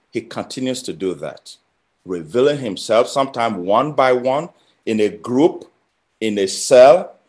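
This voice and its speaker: Guy preaching, punchy and repetitive, mid pitch, swells up then drops low. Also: a little mellow. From Nigeria. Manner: emphatic, with rising and falling intensity and repeated phrases. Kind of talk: sermon.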